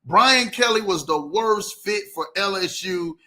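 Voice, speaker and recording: A man hosting a casual livestream, animated, greeting viewers by name and telling stories in loose slang. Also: high-pitched, unhurried. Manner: animated, reads out viewer comments, Southern US slang. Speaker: livestream host.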